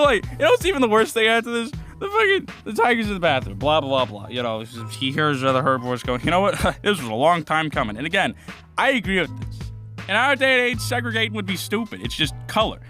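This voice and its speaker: With a very high, sharp-toned voice, this young man rambles casually through a reaction to a show as an anime reviewer. He curses constantly and laughs a lot, and faint music plays behind him.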